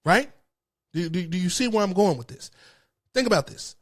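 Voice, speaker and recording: A man's voice: sits high, expressive, moderate pace. Fired-up man ranting about prices. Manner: passionate, frustrated ranting. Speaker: host. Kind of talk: political commentary monologue.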